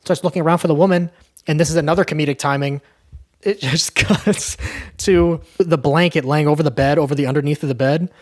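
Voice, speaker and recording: A man's voice: on the high side, steady tone, a little fast, a little mellow. Chatty, cussing young man recapping a film. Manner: chatty, profane, tags lines with "right?". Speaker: movie reviewer. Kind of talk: casual movie recap.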